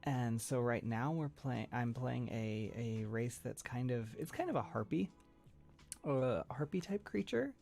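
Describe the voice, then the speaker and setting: Man, livestream chat, mellow, creaky, rambling, laughs a lot, close mic, faint music behind. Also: mid-range voice, animated, a little slow. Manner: rambling, laughs often, many fillers and restarts. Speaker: streamer. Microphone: close mic setup.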